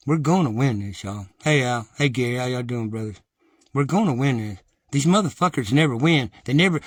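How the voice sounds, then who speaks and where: A man's voice: medium pitch, dry recording. A middle-aged man giving an impassioned, defiant monologue to his viewers, blunt and heavily profane. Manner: rises to agitated, loud ranting.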